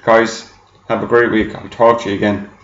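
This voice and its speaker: A man's voice: lowish voice, little pitch movement, moderate pace, reverberant, dull audio, a little hiss or hum. A man giving a chatty, rambling product review to camera, often repeating himself. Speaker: e-liquid reviewer.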